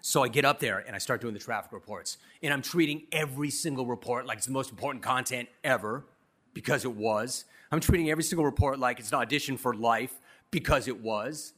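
A middle-aged man from Los Angeles giving a commencement speech, telling his story in a punchy, self-deprecating, animated way. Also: mid-range voice, brisk. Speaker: commencement speaker. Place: university commencement ceremony.

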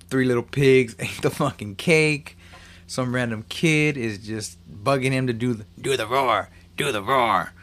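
A man's voice: lowish voice, creaky, fairly bright tone. A man retelling a cartoon film's plot in a loose, profane, casual way, often restarting his sentences. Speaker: movie recapper. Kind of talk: casual movie recap.

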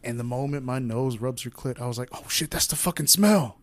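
A man's voice: medium pitch, a little fast. A young man casually telling a rambling, candid personal story in a podcast chat, acting out what people said.

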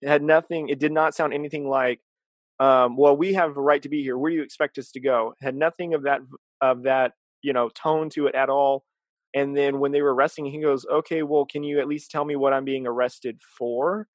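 A man in an easygoing conversation, explaining events earnestly with frequent fillers. His pitch is medium. The recording is dry and close. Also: no room sound. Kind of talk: casual chat.

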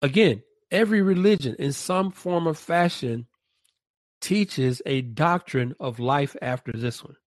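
A man leading a reflective podcast discussion, speaking deliberately and restating his points in several ways. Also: a little high, dry recording.

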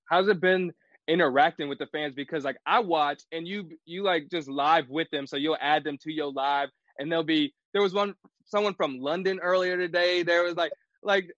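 A man hosting a casual interview, asking quick questions and joking along. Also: a little high, fairly bright tone, dry recording. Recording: dull, dry sound.

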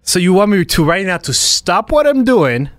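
A man's voice: high-pitched, sing-song, moderate pace, a bit bright, no room sound, clean studio sound. A man co-hosting a talk podcast, complaining in an exasperated way. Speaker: co-host. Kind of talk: casual talk show banter.

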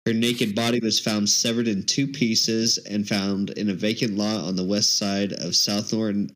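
A man on a podcast reading out a case summary, halting and tripping over names. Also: on the low side, little pitch movement, fairly bright tone, low-quality recording. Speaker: podcast co-host.

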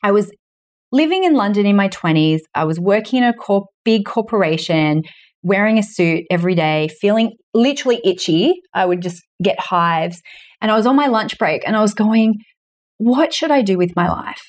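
A woman's voice: expressive, normal speed. A woman in her forties, a guest on a podcast, telling anecdotes casually and acting out the voices she quotes. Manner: storytelling, acting out quoted voices with big pitch jumps. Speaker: guest, money mentor and author.

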